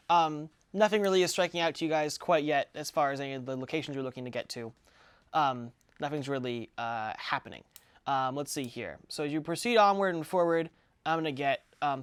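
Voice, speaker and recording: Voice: mid-range voice, a bit bright, clean tone, dry recording. A game master casually narrating a tabletop session, with plenty of ums and restarts.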